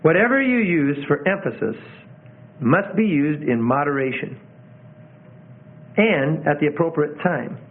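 A man teaching preachers how to deliver a sermon, in a loose conversational way, often doubling back on his words. His voice sits a bit high for a man. The sound is thin and narrow, like it is coming through a phone. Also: lively intonation, measured pace, pauses often. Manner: conversational, repeats phrases, self-corrects. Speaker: preaching instructor. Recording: tinny phone-like audio.

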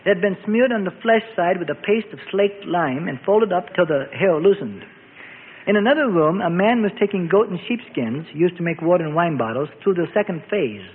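A man narrating a scripted Bible story for radio in a steady, descriptive manner. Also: high voice, slight background noise. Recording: tinny phone-like radio recording with reverb.

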